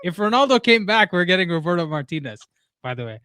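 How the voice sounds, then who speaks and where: A man's voice: high-pitched, sing-song, fast talker, pushed and bright, smooth, dry recording, clean studio sound. A man co-hosting a casual football livestream, teasing the others and laughing often. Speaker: co-host.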